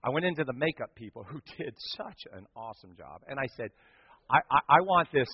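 A man preaching a sermon as the pastor, telling a story with lively, animated delivery and acting out other people's lines. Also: mid-range voice, fairly quick, husky. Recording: dull sound with long hall reverb.

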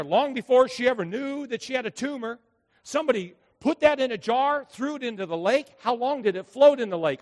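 A male pastor preaching a sermon in a church, emphatic, swinging between loud and hushed. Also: very high-pitched, long reverb tail. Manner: emphatic preaching with dramatic acted quotes and big volume swings. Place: church sanctuary.

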